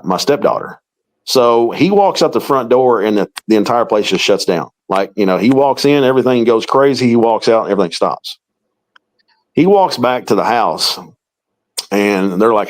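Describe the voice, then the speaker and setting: Low-voiced man telling a ghost story. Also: rough recording. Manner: animated storyteller, acts out quoted dialogue. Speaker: paranormal investigator guest. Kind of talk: storytelling in a podcast interview.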